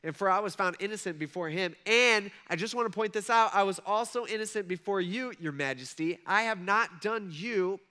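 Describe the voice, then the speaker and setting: A man's voice: high voice, normal speed, hardly any pauses, bright, forceful tone, clean tone. A man doing a cheeky, upbeat Daniel. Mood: breezy. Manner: breezy, joking, modern slang. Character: cheeky, upbeat Daniel talking from the lions' den.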